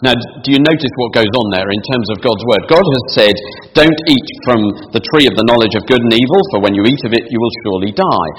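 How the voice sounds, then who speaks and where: A man's voice: medium pitch, animated, fast talker, slightly rough, big-room sound, low-quality recording. A man preaching a sermon to a congregation, asking them questions and reading scripture aloud.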